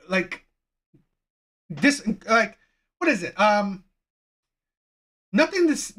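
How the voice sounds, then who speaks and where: A man giving heated reaction commentary with a bright, forceful edge. He repeats himself, swears freely and hammers every point as he rants. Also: extremely high pitch. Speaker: reaction channel host. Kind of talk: ranting video commentary.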